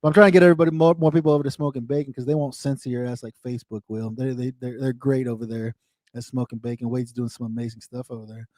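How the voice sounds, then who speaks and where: A man's voice: mid-range voice, little pitch movement, quick pace, a little mellow, dry recording, studio quality. An American man hosting a casual livestream, ranting with profanity and answering viewer comments in a frustrated tone. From United States. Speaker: livestream host.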